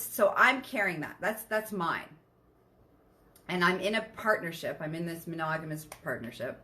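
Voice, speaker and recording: A woman's voice: fairly low pitch, fairly bright tone. A woman hosting a podcast in a casual monologue, frank and emphatic, swearing freely and often checking in with her listeners. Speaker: podcast host.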